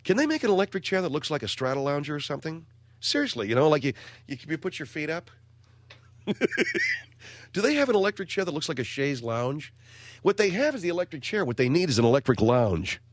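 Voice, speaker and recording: Fast, wry talk-radio host man. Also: a little high, very animated, no room sound. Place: radio studio.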